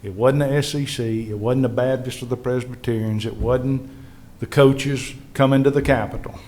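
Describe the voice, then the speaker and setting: Before a live history panel audience, a male state legislative leader relates anecdotes in earnest, bringing his colleagues' words to life with animation. His voice is medium-pitched at a moderate pace.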